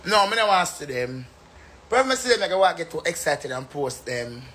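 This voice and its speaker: A man's voice: a little high, animated, a little fast, pushed and bright, slight background noise. A man with a Jamaican accent chatting casually and animatedly, breaking into laughter often and singing phrases. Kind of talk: casual live chat.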